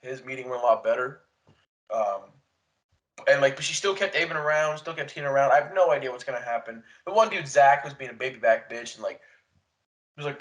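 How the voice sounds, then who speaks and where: A young man co-hosting a podcast, rambling through a casual chat, swearing often and retelling events with animated quotes. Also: mid-range voice, quick pace, poor audio. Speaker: podcast co-host. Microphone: desk podcast mic.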